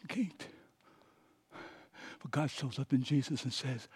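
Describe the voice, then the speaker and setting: Male preacher, high husky voice, dynamic call-and-response sermon delivery. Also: fairly even intonation, moderate pace, long pauses. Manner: swings from hushed whispers to shouted climaxes. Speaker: pastor.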